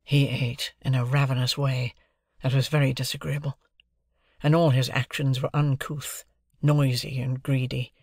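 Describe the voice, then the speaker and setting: A man reading a classic novel as an audiobook, with a measured, phrase-by-phrase delivery. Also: mid-range voice, little pitch movement, creaky, a little mellow, breathy edge, dry recording, studio quality. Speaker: audiobook narrator.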